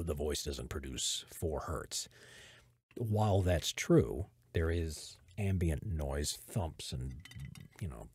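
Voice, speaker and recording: An American voiceover artist with a deep, breathy voice casually explains his audio setup, speaking into a studio microphone in his home recording room with no room sound. It's relaxed behind-the-scenes tech talk, rambling and self-correcting.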